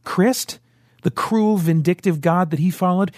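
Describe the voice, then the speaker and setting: A man reading an audiobook, voicing a young woman who argues, then pleads in fear, in a raised emotional pitch. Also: normal speed, creaky, warm tone, no echo, clean studio sound. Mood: bitter, pleading.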